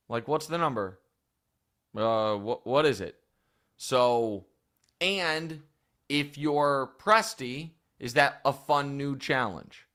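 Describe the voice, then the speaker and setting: A man's voice: medium pitch, slow pace, fairly bright tone. A man hosting a sports talk show, giving opinionated commentary in long, thinking-aloud arguments.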